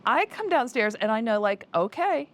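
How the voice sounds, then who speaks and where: A woman's voice: medium pitch, sing-song, moderate pace. A woman co-hosting a podcast in a home basement, chatting casually, restarting sentences and laughing easily. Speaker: podcast co-host, life coach. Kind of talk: casual chat.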